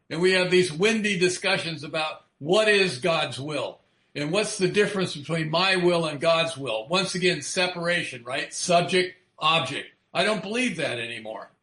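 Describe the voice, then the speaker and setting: A man's voice: on the high side, bright, forceful tone, roomy sound. A man speaking frankly about recovery, swearing freely and asking his listeners rhetorical questions. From United States. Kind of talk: recovery talk.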